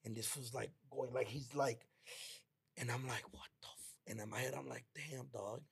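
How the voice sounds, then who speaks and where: Podcast co-host, male, gravelly and husky, casual slangy storyteller who acts out quotes. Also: mid-range voice, steady tone. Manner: slangy and heartfelt, acts out friends' lines in quick quoted bursts.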